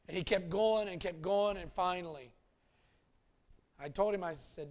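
A male pastor telling a personal story in a sermon, animated and swinging from hushed asides to loud bursts. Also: sits high, a little slow, pauses often.

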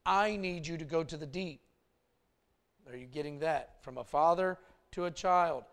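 A male pastor telling a personal story in a sermon, animated and swinging from hushed asides to loud bursts. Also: fairly high pitch, normal speed, creaky.

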